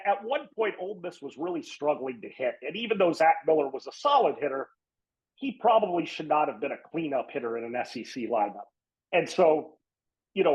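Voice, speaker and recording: A man tells a sports anecdote in a lively, chatty way, stumbling over restarts and breaking into laughter. His voice sits a little high. The audio is muffled and lo-fi. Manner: animated, laughing anecdote-teller with many restarts. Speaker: sportswriter, weekly guest. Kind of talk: casual podcast storytelling.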